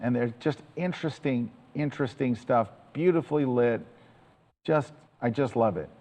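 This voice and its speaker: A man's voice: mid-range voice, moderate pace, dark tone, long reverb tail, rough recording. A man giving a chatty, enthusiastic storytelling talk to an audience as presenter.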